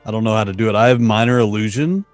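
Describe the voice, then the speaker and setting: A man's voice: fairly low pitch, rapid-fire, no room sound, soft background music. A man playing in a tabletop game, talking hesitantly with many restarts while working out his moves. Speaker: player. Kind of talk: casual chat during a tabletop game.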